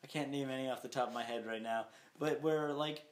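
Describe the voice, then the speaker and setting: A man's voice: medium pitch, steady tone, brisk. A young man co-hosting a podcast in casual chat, rambling and laughing often. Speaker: podcast co-host. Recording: echoey room, faint noise.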